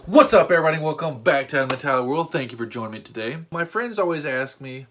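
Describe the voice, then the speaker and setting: A man's voice: medium pitch, expressive, fast talker, a bit bright. A man hosting a storytime vlog, telling an exasperating story with rising outbursts. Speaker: vlog host.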